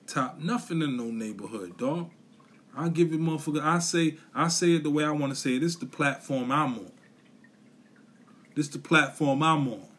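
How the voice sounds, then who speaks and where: A man's voice: a little high, moderate pace, fairly bright tone. A man on a podcast giving a blunt, profane, repetitive motivational rant, full of slang. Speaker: podcast host.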